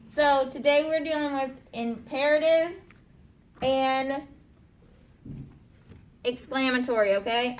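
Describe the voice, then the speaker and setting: A woman teaching a grammar lesson to a class in a classroom, patient, checking understanding with frequent questions to the students. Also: high-pitched. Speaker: elementary school teacher.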